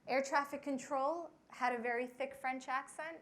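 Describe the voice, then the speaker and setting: A young woman pilot telling a flying story to an audience, with frequent fillers and lively quoted voices. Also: sits high, normal speed. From United States. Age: young adult. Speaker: pilot giving a talk.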